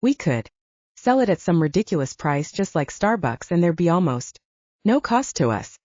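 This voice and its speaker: A woman narrating a first-person audiobook in an expressive storytelling manner, close to the mic. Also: on the low side, moderate pace, no room sound. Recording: slightly dull, dry recording.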